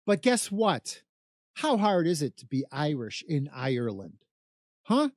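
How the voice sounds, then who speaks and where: A middle-aged political commentator from Chicago's South Side delivers an emphatic monologue packed with repetition and rhetorical questions. His voice is a little high and darkish, very animated but unhurried. The recording is dry with clean studio sound.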